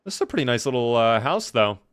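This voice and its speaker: A man streams a game live, keeping up a joking, talkative running commentary. He thanks followers by name and banters with his chat. His voice sits at a middle pitch. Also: sing-song, fast talker, fairly bright tone, clear, resonant tone. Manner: playful, chatty, talks to chat and thanks viewers.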